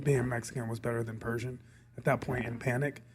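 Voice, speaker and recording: A man's voice: medium pitch, level tone. A man co-hosting a talk show, chatting casually with a wry, provocative sense of humor. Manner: wry, provocative, quick to joke. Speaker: podcast co-host. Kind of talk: casual comedic chat.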